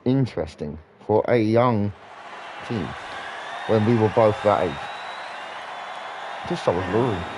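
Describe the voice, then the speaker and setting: A man's voice: fairly low pitch, expressive, unhurried, long pauses, a crowd in the background, background noise. A British man in his thirties rambling earnestly in a casual live-stream chat, swearing often. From Britain.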